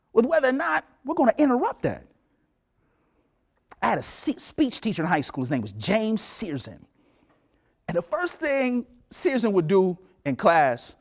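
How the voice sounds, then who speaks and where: Animated male lecturer, lively storytelling. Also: high voice. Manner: animated storyteller, acts out voices, laughs. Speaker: professor giving a talk.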